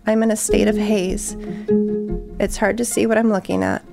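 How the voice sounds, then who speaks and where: A woman eyewitness reading from her journal in a hushed, halting way that drops to breathy whispers, then talking casually at home. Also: mid-range voice, level tone, over loud music. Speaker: eyewitness guest.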